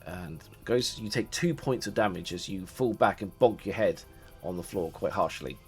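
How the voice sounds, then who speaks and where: A man's voice: low voice, normal speed, breathy edge, faint music behind. A man narrating as game master, loose and hesitant, often laughing.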